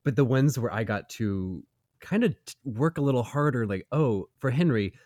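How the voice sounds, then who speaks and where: Relaxed male voice actor guest, mid-range voice, dry home-mic sound, chatty and amused. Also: medium pitch, normal speed, no echo. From United States. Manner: easygoing, laughs often, trails off mid-sentence. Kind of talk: casual interview chat. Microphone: home recording mic.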